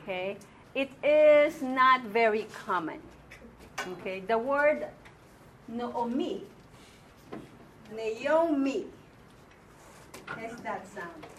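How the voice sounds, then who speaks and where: A woman's voice: on the high side, very slow, long pauses, fairly bright tone, slight background noise. A woman teaching a language class patiently, repeating words and often checking in with her students. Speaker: Hebrew teacher. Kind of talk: classroom lesson.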